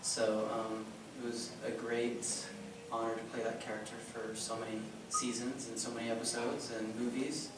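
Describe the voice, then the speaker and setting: A man's voice: mid-range voice, little pitch movement, moderate pace. A man answering fan questions as a convention panel guest, easygoing and chatty with plenty of ums. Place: large convention hall. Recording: very echoey hall, distant mic, audience noise.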